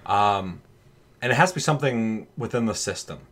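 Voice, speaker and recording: Low-voiced man in animated, profane chat. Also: moderate pace. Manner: animated, swears a lot, acts out voices in his stories. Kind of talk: casual chat.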